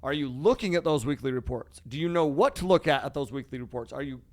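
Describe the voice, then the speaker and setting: Energetic male podcast host, emphatic. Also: mid-range voice, quick pace. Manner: energetic, emphatic, calls his co-host "bro" and "dude". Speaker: podcast host, real estate investor. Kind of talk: casual podcast chat.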